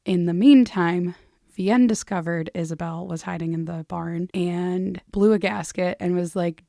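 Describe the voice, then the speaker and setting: A woman co-hosting a podcast, recapping a novel in casual chat and lively acting out the characters' lines. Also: on the low side, unhurried, vocal fry, no room sound, clean studio sound. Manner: animated storytelling, acts out characters' lines, swears, laughs. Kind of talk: casual book-club chat.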